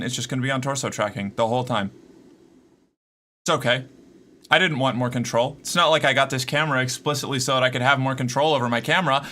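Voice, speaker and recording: A man's voice: mid-range voice, fast, sharp tone. A man streaming live from home, chatting casually with his viewers in a sarcastic, exasperated way and swearing now and then. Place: home room.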